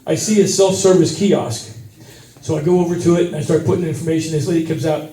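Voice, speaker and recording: A man doing stand-up in a brewery, telling a travel story with plenty of swearing and bursts of yelling. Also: on the high side, fast. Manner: profane, animated, yells at the peaks. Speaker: stand-up comedian. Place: brewery stage. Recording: roomy venue sound from a distance.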